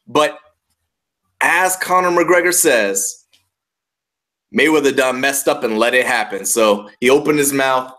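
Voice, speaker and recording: A man's voice: medium pitch, a bit bright. A man hosting a wrestling radio show, bantering casually and trash-talking playfully, often repeating himself. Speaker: podcast host.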